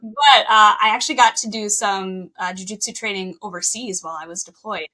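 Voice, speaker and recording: A woman's voice: medium pitch, bright, forceful tone, rough recording. A woman co-hosting a podcast in a casual, upbeat way, laughing easily. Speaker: podcast co-host.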